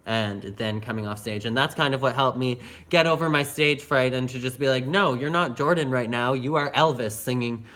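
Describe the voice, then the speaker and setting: A young man talks through a personal story on a livestream. He is chatty and animated, peppering his speech with filler words and laughter, at an ordinary middle pitch. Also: moderate pace. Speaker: vlogger.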